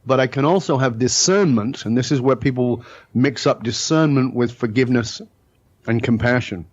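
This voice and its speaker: Middle-aged man, podcast guest, emphatic storytelling, blunt, mid-pitched, dull lo-fi sound. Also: moderate pace. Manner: emphatic, blunt, occasionally profane.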